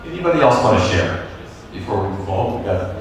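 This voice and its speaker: A man leading a teacher workshop, speaking in a relaxed, encouraging way and taking questions from the audience. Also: fairly low pitch, fast, loud music behind the voice. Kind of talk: conversational lecture with audience questions. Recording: echoey hall from far off, faint noise.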